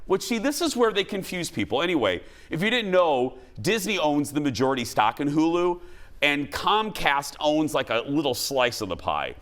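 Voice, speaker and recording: A man hosting a talk show, chatting casually and telling stories with lots of animation, often switching to high voices for quoted lines. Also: big pitch swings, normal speed, a bit bright. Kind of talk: casual studio chat.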